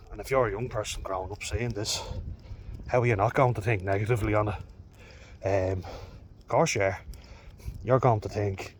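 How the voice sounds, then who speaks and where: An Irish man with a fairly low voice talks loosely to his viewers, wandering from point to point and correcting himself as he goes. He speaks bluntly, curses now and then, and uses the easy delivery of a rugby coach. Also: a little fast, a little hiss or hum. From Ireland. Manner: rambling, frank, swears, with frequent fillers and self-corrections. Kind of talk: casual monologue to camera.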